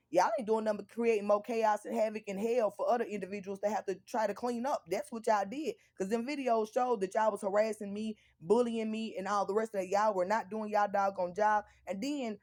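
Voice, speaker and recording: A young woman venting on a live stream, profane and confrontational, going from tired and quiet to loud and angry. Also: medium pitch. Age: young adult. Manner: drops to weary, quieter stretches. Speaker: livestreamer. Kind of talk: heated live-stream rant.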